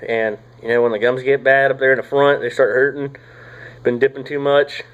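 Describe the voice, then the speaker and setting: A young man, rambling casually through a product review, swearing often and filling pauses with "uh" and "like.". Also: mid-range voice, flat delivery, muffled recording. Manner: rambling, profane, drawling with frequent fillers. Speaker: tobacco reviewer.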